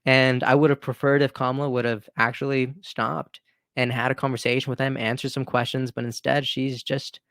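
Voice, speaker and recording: A political commentary host speaks on his own video in a medium-pitched, level, slightly bright and smooth voice at normal speed. His delivery is conversational, with repeated restarts and emphatic rhetorical asides. The audio is studio quality with no room sound.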